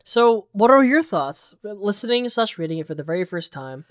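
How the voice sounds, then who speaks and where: A man's voice: high voice, big pitch swings, moderate pace, no echo. A man in his thirties co-hosting a podcast, joking around in casual chat. He speaks playfully and loosely. His voice is recorded dry and close. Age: 30s. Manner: playful, jokey. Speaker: podcast co-host.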